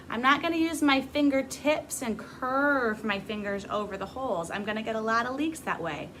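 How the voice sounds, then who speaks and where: A woman's voice: a little high, bright, forceful tone, a little hiss or hum, low-quality recording. A grown woman teaching a beginner music class to camera, patient and encouraging as she demonstrates. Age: adult.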